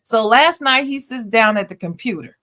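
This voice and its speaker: A woman podcast co-host reading a listener's letter aloud in an expressive way, breaking off now and then for casual slangy asides. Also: fairly high pitch, normal speed.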